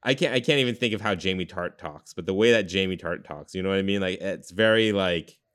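A man's voice: low voice, fairly quick, fairly bright tone. A man hosting a podcast in a rambling casual chat, full of fillers and restarts. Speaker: podcast host.

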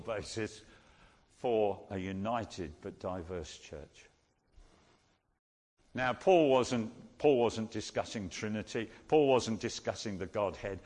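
A man preaching a sermon, teaching slowly and repeating key phrases for emphasis. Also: on the low side, a little mellow, long reverb tail.

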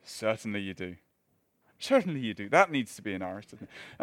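A man's voice: lowish voice, big pitch swings, fairly quick, long pauses, dry recording, clean studio sound. A man preaching a sermon in a conversational way, with self-mocking asides and frequent restarts.

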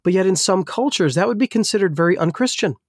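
A man's voice: sits high, animated, quick pace, no room sound, studio quality. A man who grew up in New Jersey and now works as a pastor, talking casually and rambling with many restarts, his voice still a little weak. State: slightly weak voice. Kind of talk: casual discussion.

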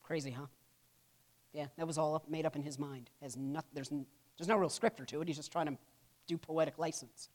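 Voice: medium pitch, fairly even intonation, a little fast. A church history teacher giving a conversational classroom lecture, with humorous asides and frequent "right?" check-ins.

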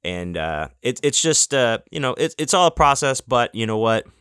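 A man's voice: mid-range voice, sing-song, moderate pace, fairly bright tone, clean tone, dry recording, studio quality. A man hosting a podcast, talking in a casual, rambling monologue full of restarts and fillers, with the odd swear word. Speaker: podcast host.

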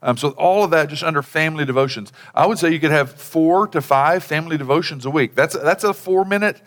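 A man's voice: a little fast, a bit bright. A middle-aged man preaching in a conversational, rambling way, full of fillers and restarts, with acted-out bits of dialogue. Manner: acts out quoted dialogue in a lower voice. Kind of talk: sermon on family devotions. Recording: long hall reverb.

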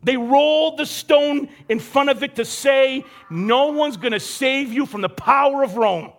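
A man's voice: very high-pitched, measured pace. A young man preaching a casual, conversational sermon, acting out the characters he quotes. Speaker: pastor.

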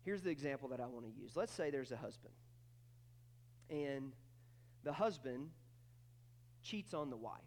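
A man preaching a sermon with emphatic swings between loud, high bursts and quiet, low stretches, often repeating words as he starts a thought. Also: lively intonation, normal speed, long pauses. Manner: acts out quoted voices in dialogue. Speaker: pastor.

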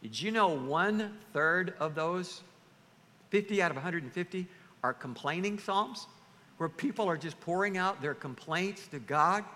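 A pastor preaches in a lively, animated way, acting out the voices of churchgoers. His voice is high and bright, and it rings with a long hall reverb. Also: measured pace. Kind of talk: sermon.

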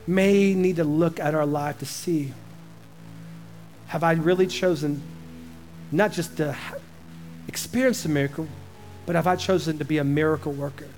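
A man pastor preaching a passionate sermon, rising to loud emphasis and dropping to slow, quiet lines. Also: fairly high pitch, soft background music.

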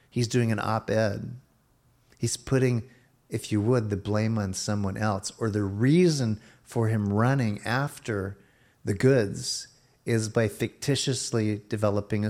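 Lower-voiced man preaching a sermon. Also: fairly even intonation, unhurried, darkish tone. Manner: expository preaching with acted-out quotes of Bible figures. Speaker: pastor.

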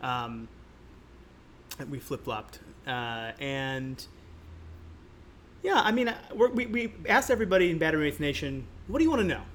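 A man's voice: a little high, very animated, moderate pace, pauses often, a bit bright, slight background noise. A man co-hosting a podcast in casual chat, laughing often and stopping and restarting with lots of fillers. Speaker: podcast co-host.

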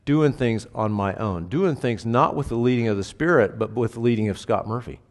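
A brisk, mid-range male voice carries a pastor's casual sermon through a reverberant hall. He regularly questions the congregation and punches important words with emphatic bursts.

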